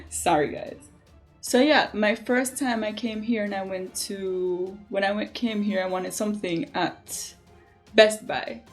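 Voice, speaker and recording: A young woman from Jamaica with a Jamaican accent, chatting casually to camera in an animated way and laughing often. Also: medium pitch, slow, faint music behind. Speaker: vlogger.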